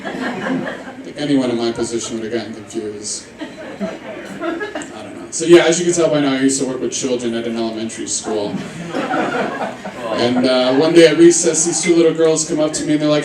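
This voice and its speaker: A man's voice: fairly high pitch, fast talker, darkish tone. A young man doing a stand-up routine on a comedy club stage, telling stories in a brash, profane, self-mocking way. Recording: roomy club sound from a distance, with audience laughter.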